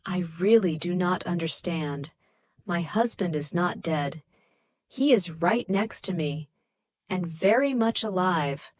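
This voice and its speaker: A woman's voice: fairly low pitch, expressive, slow pace, darkish tone, dry recording, clean studio sound. A woman voicing a worried, agitated wife answering a late-night phone call. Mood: upset. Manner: anxious, raised voice.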